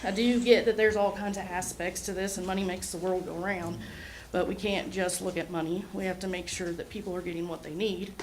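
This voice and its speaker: A woman's voice: fairly low pitch, steady tone, fairly quick, a little hiss or hum, low-quality recording. A woman, an ambulance service administrator speaking earnestly and a little nervously at a city meeting. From Oklahoma. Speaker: EMS administrator. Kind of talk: public remarks at a city meeting. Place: city hall meeting room.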